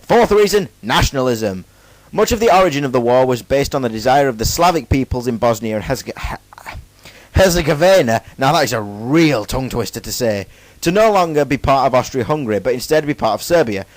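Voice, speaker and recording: A man's voice: mid-range voice, lively intonation, a little fast, no echo, rough recording. A young man giving a casual, jokey school presentation, reading his facts and then breaking off into playful, self-mocking asides. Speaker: student presenter.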